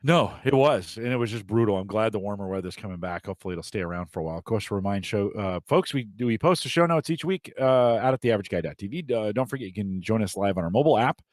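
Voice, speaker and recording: A man's voice: lowish voice, animated, fast talker, hardly any pauses, a little mellow, no room sound. A man hosting a podcast in casual, rambling chat with frequent restarts. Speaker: podcast host.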